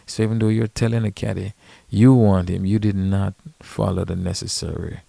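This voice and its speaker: A caddy and podcast host telling stories in a blunt, profane, emphatic casual rant. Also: male voice, on the low side, flat delivery, moderate pace, gravelly, warm tone, no room sound.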